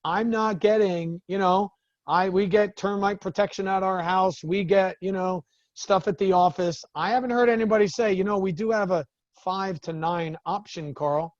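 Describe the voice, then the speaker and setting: Male business coach, higher voice, lively storyteller who acts out exchanges, close and dry sound. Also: normal speed, no echo, muffled recording. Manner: animated storytelling, acts out the other people in his stories. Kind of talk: talking to a group of business owners.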